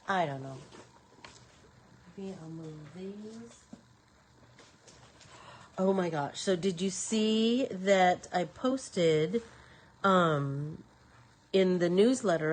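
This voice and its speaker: A woman's voice: fairly low pitch, slow pace, pauses often, rough recording. A woman hosting a live painting tutorial, talking casually to viewers and to herself as she works. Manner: talks to herself while working, rambling. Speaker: craft show host.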